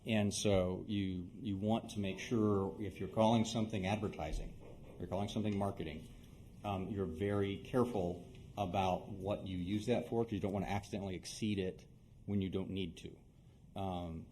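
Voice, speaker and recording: Deep, mellow man, courteous advisor, explanatory, faint room noise. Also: steady tone, moderate pace, poor audio. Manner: polite, explanatory. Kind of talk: meeting advice.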